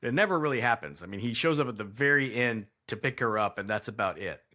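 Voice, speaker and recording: A podcast co-host with a lowish voice talks quickly and with animation, his tone pushed and bright. In a casual movie review chat he rambles and keeps interrupting himself to restart sentences, incredulous at the bad writing.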